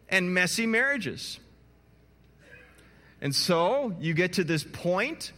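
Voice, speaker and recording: A pastor delivers a sermon with lively, swooping pitch and a bright, forceful voice. He tells the story in an animated way, tossing in playful asides to his listeners. His voice rings out with a long reverb in a large hall.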